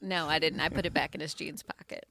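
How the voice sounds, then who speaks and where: A woman's voice: low-pitched, fairly even intonation, fast, bright, forceful tone. A woman, a podcast guest, telling a candid personal story in a casual interview and laughing often. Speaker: podcast guest, spouse of a first responder.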